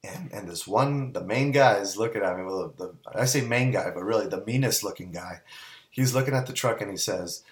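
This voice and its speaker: A man from California telling a lively story as a guest in a casual interview, laughing and acting out the people in it. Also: low-pitched, fairly quick. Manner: animated storyteller, acts out quoted voices, laughs often. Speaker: business owner, guest.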